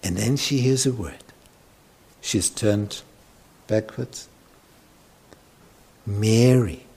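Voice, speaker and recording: Slow gravelly man preaching. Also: on the low side, darkish tone. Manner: dramatic storytelling, sudden drops to whispers; repeats words and restarts. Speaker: pastor. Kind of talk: sermon retelling scripture.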